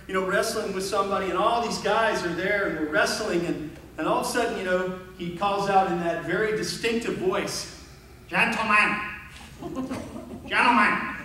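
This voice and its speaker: A man with a high voice tells funny school stories at a memorial reunion, acting out the people in them and joking about himself. He is heard from a distance in a very echoey hall, with faint room noise behind him. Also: fairly bright tone. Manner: storytelling, acts out voices, self-mocking humor. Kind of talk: anecdotal memorial speech.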